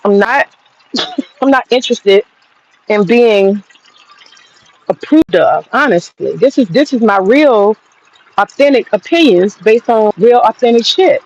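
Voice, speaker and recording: A woman's voice: a little high, lively intonation, unhurried, pauses often, muffled recording. An American woman hosting a livestream, ranting bluntly and profanely while reading the chat. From United States. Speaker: livestream host.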